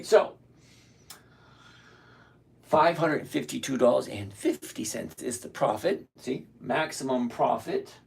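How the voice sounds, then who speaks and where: A man in his sixties whose voice is going hoarse, hosting a live stream, explaining trades step by step and chatting with viewers in an upbeat way. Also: medium pitch. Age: 60s. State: hoarse, voice giving out. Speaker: livestream host.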